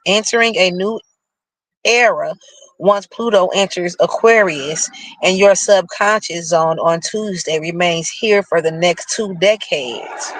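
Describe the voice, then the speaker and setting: A man with a New York accent and a high-pitched voice reads horoscopes and riffs on them in casual, slangy talk. His delivery is animated and loose. The sound is close and dry, with no room around it. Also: no room sound, rough recording. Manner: animated, breaks into slangy asides. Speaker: horoscope reader and commentator. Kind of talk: reading aloud and riffing in casual chat.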